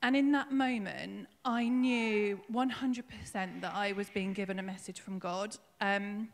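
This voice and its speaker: A woman's voice: mid-range voice, steady tone. Tearful woman sharing her testimony. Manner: emotional, tearful, halting with fillers. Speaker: baptism candidate giving testimony. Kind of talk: personal testimony in church. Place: church hall. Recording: long hall reverb.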